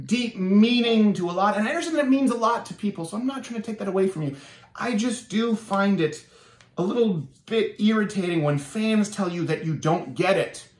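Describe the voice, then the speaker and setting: A high-voiced young man from Canada rants sarcastically as a show host, his pitch leaping up and down as he goes. He stumbles and restarts often. The room around him sounds echoey. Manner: animated, sarcastic, with many restarts. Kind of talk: opinionated monologue.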